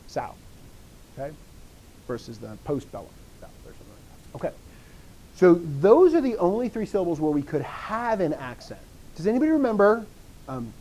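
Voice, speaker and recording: Lively, encouraging language teacher. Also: mid-range voice, poor audio. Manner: encouraging, quizzes students often; repeats key phrases. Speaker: Greek teacher. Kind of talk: classroom lecture.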